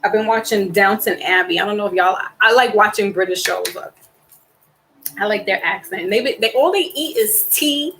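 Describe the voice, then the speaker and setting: A woman's voice: medium pitch, moderate pace, fairly bright tone, slight background noise, poor audio. A woman giving a casual tarot card reading, chatty and rambling as she talks straight to her viewers. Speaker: tarot reader.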